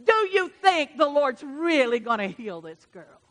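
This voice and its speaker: A woman's voice: sits high, big pitch swings, a little slow, in a large hall, voice pushed up. A woman preacher voicing the devil as a sneering, taunting male accuser in a sermon. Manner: contemptuous, taunting.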